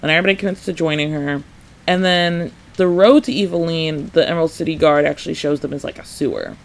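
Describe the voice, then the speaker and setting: A man hosting a casual solo podcast retrospective, chatty and animated, saying "like" often, laughing and acting out characters' lines. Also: a little high, fast talker, creaky. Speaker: podcast host.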